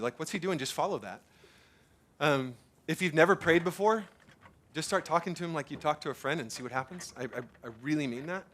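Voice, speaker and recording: A man in his thirties or forties, preaching a sermon at a church service in an animated, conversational way, full of fillers and repeated words. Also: a little high. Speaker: pastor.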